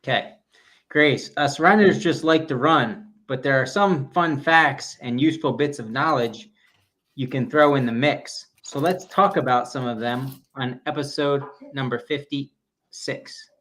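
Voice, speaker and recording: Man podcast co-host, mid-pitched voice, teasing, jokey banter. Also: unhurried, a bit bright. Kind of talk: casual chat.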